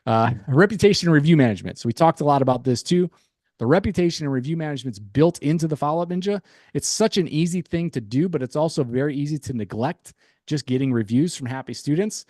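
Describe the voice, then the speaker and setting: Guy doing a fast webinar sales pitch, kinda high voice, dry close sound. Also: expressive, a little mellow, no room sound. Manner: fast, upbeat pitch with chuckles. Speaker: webinar presenter.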